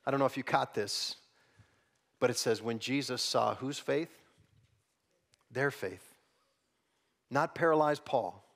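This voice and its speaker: A man preaching a sermon as pastor, dropping to soft, hushed lines and then building to loud, emphatic passages. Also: medium pitch. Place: church sanctuary.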